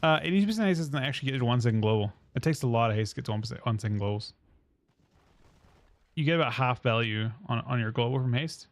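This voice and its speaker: A man's voice: medium pitch, lively intonation, fast talker. A young man streaming a video game, thinking aloud and swearing casually to his chat. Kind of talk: casual live-stream commentary.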